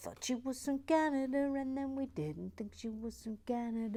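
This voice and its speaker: A woman hosting a relaxing build video, chatting softly through viewer comments, often dropping to a near whisper, with playful, gently silly asides. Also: high voice, moderate pace, hardly any pauses. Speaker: host of a relaxing build channel.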